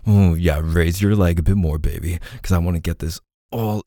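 A man speaking in an intimate audio role-play, low and murmuring, breathy with soft moans, close to the mic. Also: normal speed, dry recording.

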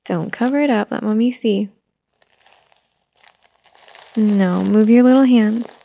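A woman playing a gentle, patient young mother who softly coaxes her toddler, in a whispered role-play. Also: mid-range voice, slow pace, gravelly. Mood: soothing. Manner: soft, coaxing, motherly.

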